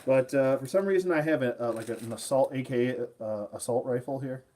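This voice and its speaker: A man's voice: medium pitch, a little fast, warm tone, slight background noise. A man hosting a casual toy-collecting vlog, rambling and chuckling while showing off figures. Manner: rambling, chuckling, self-deprecating. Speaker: toy collector, channel host. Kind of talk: casual show-and-tell vlog.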